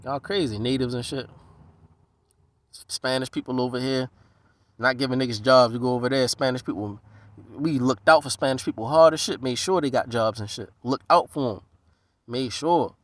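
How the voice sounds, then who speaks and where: A man from the US East Coast giving a casual, profane, streetwise monologue, animated and jumping into other people's voices as he talks. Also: medium pitch, normal speed.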